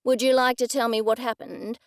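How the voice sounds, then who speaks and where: A woman's voice: on the high side, level tone, a little fast, dry recording, lightly acted. A woman narrator voicing a stern middle-aged male police detective, probing and accusing in a dry manner.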